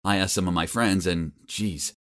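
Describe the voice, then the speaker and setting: A young man narrating an animated first-person story as a nerdy teenage boy, expressive and a little awkward. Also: deep voice, normal speed.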